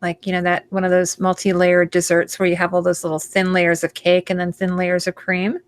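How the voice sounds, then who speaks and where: A woman's voice: fairly low pitch, monotone, fairly quick, no echo. A woman from Canada hosting a casual live chat over a video call, talking in a rambling, chatty way with frequent restarts. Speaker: host.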